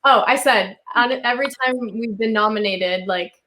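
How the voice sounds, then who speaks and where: A woman's voice: fairly high pitch, normal speed. Laid-back young woman. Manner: relaxed, heavy use of "like". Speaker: country duo singer, guest. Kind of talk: casual interview chat.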